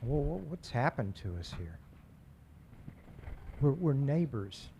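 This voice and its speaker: A man addressing a city council during public comment, earnest and measured, often restarting his words. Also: medium pitch, sing-song, background noise. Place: council chamber.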